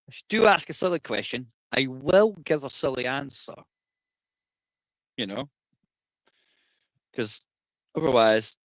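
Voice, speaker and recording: A man's voice: on the high side, fairly bright tone, no room sound, poor audio. A Scottish man hosting a live stream, rambling casually and swearing freely.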